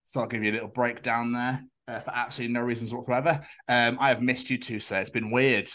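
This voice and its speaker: A man with a Scottish accent co-hosting a podcast, an animated storyteller who swears freely. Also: medium pitch, quick pace. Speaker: podcast co-host. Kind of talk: casual chat.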